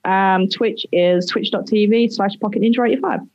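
A woman's voice: medium pitch, fairly even intonation, normal speed, lo-fi sound, noisy background. A woman podcast guest in joking casual chat over a video call. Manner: joking, laughs, swears casually.

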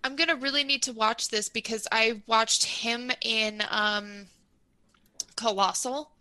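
A woman's voice: a little high, fairly even intonation, measured pace, bright, forceful tone. A woman guest on a podcast in casual chat, gushing and effusive.

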